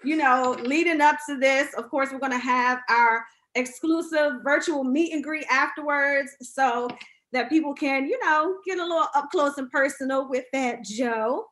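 A woman hosting a casual interview over a video call, bubbly and quick to laugh. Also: high voice, fairly bright tone. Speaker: talk show host.

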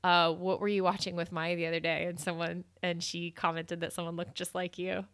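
A woman's voice: lowish voice, level tone, smooth. A woman hosting a casual conversation, rambling through her thoughts and laughing easily. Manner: rambling, warm and playful, quick to laugh. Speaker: podcast host.

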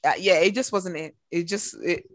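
A woman's voice: lowish voice, normal speed, no room sound. A British woman co-hosting a podcast in casual chat, blunt and opinionated with playful asides. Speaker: podcast co-host.

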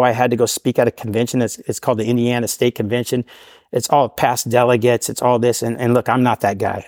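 Fast-talking man telling his story. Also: mid-range voice, dry recording, clean studio sound. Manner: earnest, keeps saying "right?". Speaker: podcast guest. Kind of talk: personal storytelling.

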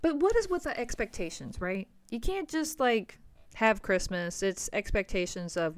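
A woman's voice: mid-range voice, lively intonation, moderate pace, no echo. Podcast host, woman, thirties, blunt and fed up, swears a lot, dead-dry recording. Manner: frank, exasperated, swears freely. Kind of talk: casual solo podcast venting.

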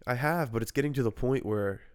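A man's voice: mid-range voice, fast, darkish tone, clean tone. Stuffed-up man hosting a podcast. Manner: rambling, self-deprecating. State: stuffed-up nose. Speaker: podcast host. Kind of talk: casual podcast chat.

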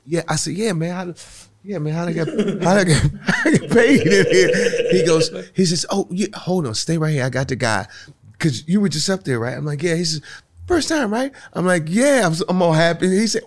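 Animated storytelling man. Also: fairly high pitch, brisk. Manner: animated, laughs often, acts out voices in his stories. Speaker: guest comedian. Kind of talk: casual storytelling.

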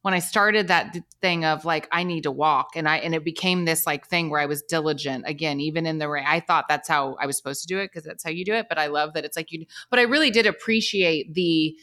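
A woman's voice: low voice, fast talker, hardly any pauses, pushed and bright. A woman in her forties, a podcast guest, chatting candidly and laughing often. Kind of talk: casual chat.

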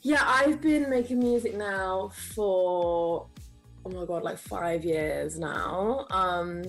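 A young woman from North London talks with a London accent, loose and full of "like." She laughs often, and her voice sits a little low. Faint music runs under her. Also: takes it slowly, vocal fry, poor audio. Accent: London English. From North London, England. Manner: chatty, laughs easily, heavy use of "like". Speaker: singer guest. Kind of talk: casual chat.

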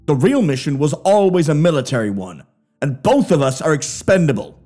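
Grim, urgent military captain, raised pitch and lively inflection; a man playing him. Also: moderate pace, soft background music. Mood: grim urgency. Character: desperate male military captain.

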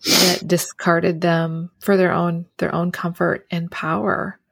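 Podcast co-host, a woman: measured and earnest, with a husky, gravelly tone. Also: on the low side, little pitch movement, no room sound. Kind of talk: casual conversation.

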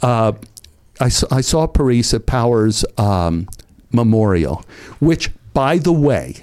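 Older man telling lively anecdotes. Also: medium pitch, slow pace, smooth. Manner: animated, acts out quoted voices. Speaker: actor guest. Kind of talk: anecdotal storytelling.

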